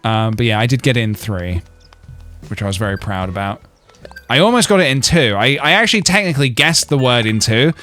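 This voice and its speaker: A man's voice: mid-range voice, a bit bright. A man chatting casually on a game stream, rambling through jokes and reading chat messages aloud.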